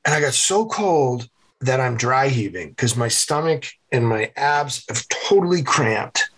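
A former Navy SEAL turned keynote speaker tells vivid, energetic stories in a podcast interview, acting out the voices as he goes. His voice is mid-range, unhurried and slightly rough, and the recording itself is rough.

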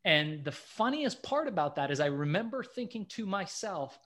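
A middle-aged man, a guest in an interview, telling a story in a casual, animated way and acting out the lines he quotes. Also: sits high, normal speed.

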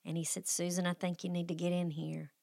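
A woman's voice: lowish voice, little pitch movement, fairly quick, vocal fry, warm tone, no room sound, clean studio sound. A middle-aged woman who hosts a faith podcast and tells a personal story in a folksy, emotional way, with sighs and restarts. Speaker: podcast host.

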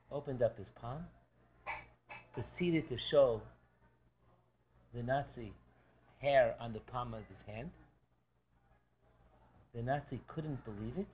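Animated rabbi teaching a class. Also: male voice, medium pitch, husky. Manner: animated storyteller, restarts phrases, takes student questions. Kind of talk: Torah class lecture. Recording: lo-fi recording.

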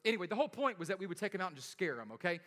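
Bright-voiced joking preacher man. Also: sits high, sing-song, racing, long reverb tail. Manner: casual, joking storyteller with frequent laughs and "right?". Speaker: pastor. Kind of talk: sermon.

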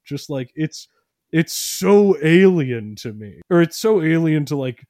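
Mellow-voiced man in casual joking chat. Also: on the high side, big pitch swings, dry recording, studio quality. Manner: rambling and joking, laughs often, puts on quick voices.

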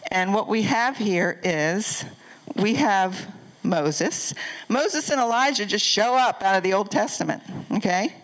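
A woman's voice: mid-range voice, rough recording. An older woman pastor preaching a conversational sermon, asking the congregation questions as she goes.

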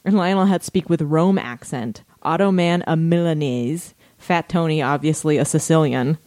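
A woman's voice: deep voice, moderate pace, darkish tone, no room sound. A woman co-hosting a podcast, reading facts aloud in casual chat with frequent asides and laughter. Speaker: podcast co-host.

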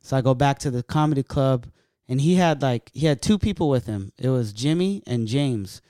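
A man telling a story in a casual podcast chat, animated and profane, acting out what people said. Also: mid-range voice, moderate pace, no room sound, clean studio sound. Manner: profane, animated, acts out quotes.

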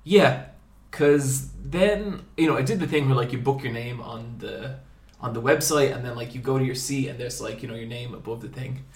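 A young man hosts a podcast and spins an animated comic story, swearing freely as he goes. His voice sits at an ordinary middle pitch. The room is noticeably echoey. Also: normal speed. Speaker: podcast host. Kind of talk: casual storytelling chat.

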